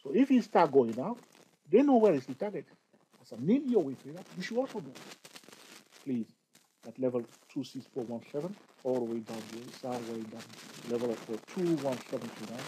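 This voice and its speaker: A man teaching chart trading in a halting, explanatory way, pointing things out on the chart as he talks. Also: mid-range voice, background noise. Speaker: trading tutor. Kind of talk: screen-share chart tutorial.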